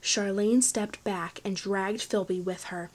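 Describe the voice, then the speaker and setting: A woman narrates a thriller novel for an audiobook at an unhurried pace. Her delivery is hushed and even, and her pitch sits in the middle. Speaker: audiobook reader.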